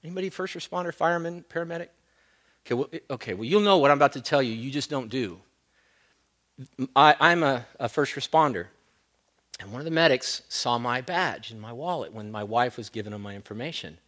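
A middle-aged man preaching a sermon as pastor, moving between loud emphatic points and quiet storytelling. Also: mid-range voice, animated, a little fast.

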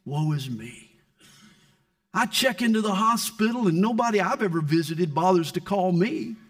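A man's voice: high-pitched, a little fast, fairly bright tone. A male pastor preaching a sermon, reading scripture and poetry with dramatic swings in tone.

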